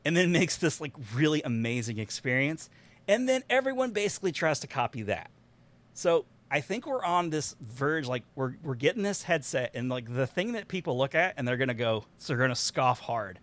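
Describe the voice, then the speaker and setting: A man hosting a podcast, talking in an animated, rambling casual way and laughing often. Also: a little high, moderate pace. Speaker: podcast host. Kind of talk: excited casual chat.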